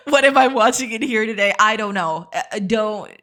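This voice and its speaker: A woman's voice: medium pitch, a little slow, pushed and bright. A woman streaming her game development live, chatting casually, giggling and stammering in a self-deprecating way. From not from the United States.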